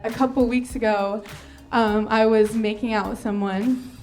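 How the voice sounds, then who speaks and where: Giggly rambling woman comedian, high voice. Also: steady tone, moderate pace, darkish tone, faint music behind. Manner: giggly, rambling, self-mocking. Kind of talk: live storytelling stand-up.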